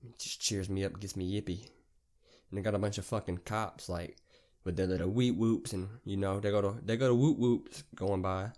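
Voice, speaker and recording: A man's voice: fairly low pitch, steady tone, moderate pace, darkish tone. A young man hosting a podcast, telling a rambling, profane story full of slang in a casual monologue. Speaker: podcast host.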